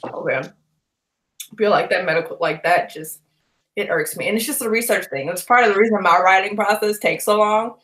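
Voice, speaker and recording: A woman's voice: medium pitch, normal speed, poor audio. A woman hosting a book club chat, ranting loosely and swearing often. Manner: ranting, profane, animated storytelling. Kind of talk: casual chat.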